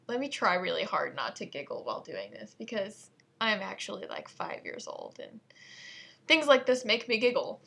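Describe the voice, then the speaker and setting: A woman's voice: a little high, creaky, bright, forceful tone, breathy edge. A woman hosting a casual solo podcast, playful and self-mocking, prone to giggling as she talks. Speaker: podcast host.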